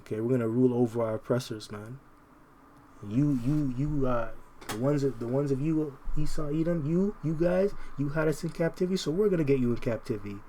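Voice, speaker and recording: A man preaching informally, emphatic and repetitive, often ending phrases with "man" and slowing down to read verses aloud. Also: medium pitch, warm tone, a little hiss or hum.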